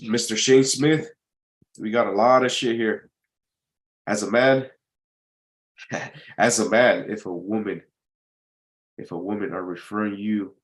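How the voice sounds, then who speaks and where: A man hosting his own live online show, talking casually, rambling and repeating himself, and swearing now and then. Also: on the low side. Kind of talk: casual live-stream monologue.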